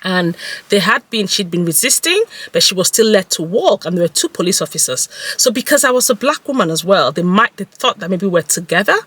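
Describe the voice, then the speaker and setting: A woman vlogger talking to camera in a measured, deliberate way. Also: mid-range voice, sing-song, fairly bright tone, breathy edge, no echo.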